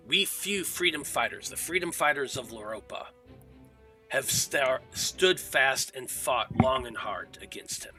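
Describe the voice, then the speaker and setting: A man voicing a male oracle who speaks in a formal, measured way as he explains himself. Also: mid-range voice, pushed and bright, exaggerated voice. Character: solemn male oracle, rebel elder.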